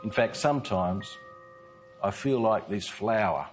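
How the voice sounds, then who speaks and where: A man giving a scripted devotional presentation, telling it in an earnest, measured storytelling manner. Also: lowish voice, faint music behind. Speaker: Christian speaker.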